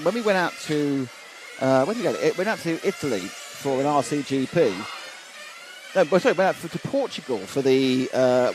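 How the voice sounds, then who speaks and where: Chatty man commentating trackside. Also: a little high. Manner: chatty, rambling, reads viewer comments. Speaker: race commentator. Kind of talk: live commentary. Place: outdoor trackside. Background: engine noise.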